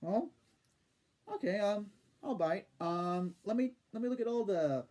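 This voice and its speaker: A man's voice: high voice, lively intonation, unhurried, a little mellow. A man ranting in casual video commentary, sarcastic and profane. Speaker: YouTube commentator.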